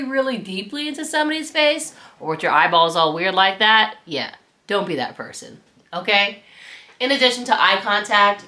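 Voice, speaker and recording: An upbeat woman instructor talks straight to the viewer, her pitch swinging widely. Her voice is bright and forward. The recording has a roomy echo. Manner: upbeat, animated, addresses viewer directly. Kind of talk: instructional presentation.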